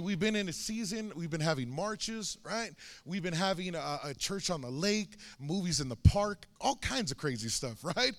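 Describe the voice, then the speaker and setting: A man's voice: high-pitched, pushed and bright. A young man preaching a sermon, telling a personal story with many fillers and restarts. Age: young adult.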